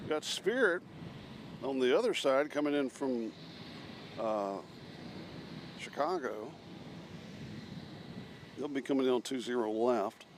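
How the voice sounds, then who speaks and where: A man talks slowly and pauses often while hosting an outdoor planespotting stream near an airport, chatting and reading viewer messages. His mid-range voice has lively intonation, with a little hiss or hum behind it.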